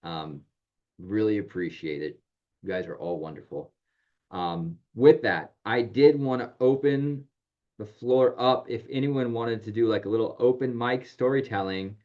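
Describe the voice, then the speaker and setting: A man's voice: fairly low pitch, a little slow, darkish tone. A man hosting a virtual storytelling event, praising the storytellers in an encouraging way with many fillers. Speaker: event host. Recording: dull, lo-fi call audio.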